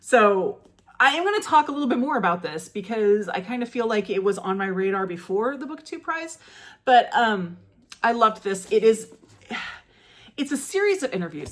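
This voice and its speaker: A woman talking casually through her month's reading as a book vlogger, enthusiastic and chatty, with frequent fillers and restarts. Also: mid-range voice.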